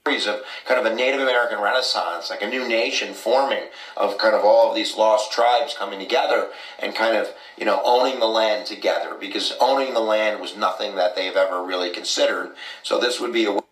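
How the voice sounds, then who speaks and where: Low-voiced man rambling through history, echoey. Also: steady tone, fairly quick, hardly any pauses, a bit bright, far from the mic. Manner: rambling, many fillers like "kind of" and "you know". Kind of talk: casual history explanation. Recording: echoey clip from off-mic.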